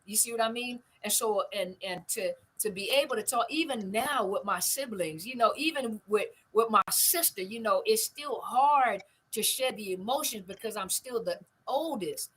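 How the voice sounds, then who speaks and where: Bright-voiced grandmother telling stories. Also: a little high, lively intonation, normal speed, hardly any pauses, husky, poor audio. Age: older. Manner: storytelling, emphatic, repetitive. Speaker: host. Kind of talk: family conversation.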